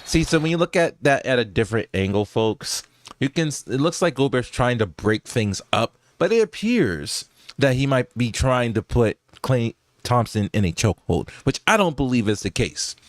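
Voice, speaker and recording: Animated man breaking down game footage. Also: mid-range voice, normal speed, dry recording, studio quality. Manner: animated, laughs often, slangy, talks to viewers. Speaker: YouTube sports commentator. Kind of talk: casual reaction commentary over game footage.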